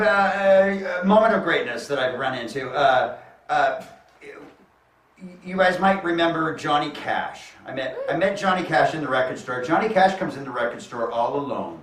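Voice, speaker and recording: A man hosting a comedy show, chatty and halting, full of ums and uhs. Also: on the high side, a bit bright, recorded from a distance, a little hiss or hum. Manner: chatty, halting with many fillers. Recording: echoey room, mic heard from afar.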